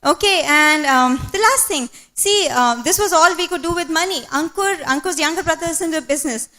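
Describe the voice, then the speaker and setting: A woman's voice: very high-pitched, a little fast, bright, forceful tone. A woman giving an earnest testimonial on stage, chatty and full of fillers. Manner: earnest, conversational, many fillers. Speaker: business speaker.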